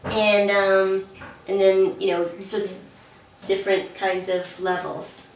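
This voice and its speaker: Chatty woman puppeteer demonstrating voices, mid-pitched, recorded roomy and far. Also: flat delivery, takes it slowly, noisy background. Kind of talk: casual show chat. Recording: roomy, distant mic.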